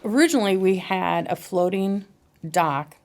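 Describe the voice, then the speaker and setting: A woman's voice: mid-range voice, lively intonation, unhurried, darkish tone. A woman who owns a bar and grill, guesting on a casual podcast and explaining her business in a practical, matter-of-fact way with a few hesitant restarts.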